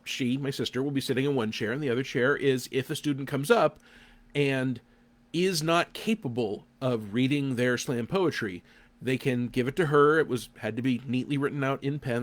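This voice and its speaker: A man in his fifties giving a casual spoken review to camera, dry and deliberate, with self-deprecating asides and frequent fillers. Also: mid-range voice. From Oklahoma. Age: 50s. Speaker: game designer reviewing a local event.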